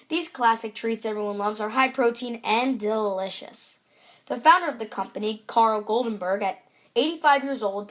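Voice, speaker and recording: Young girl reading her food show script, kinda high voice, upbeat. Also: a bit bright. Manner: reads a script in an upbeat presenter tone. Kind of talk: scripted student presentation.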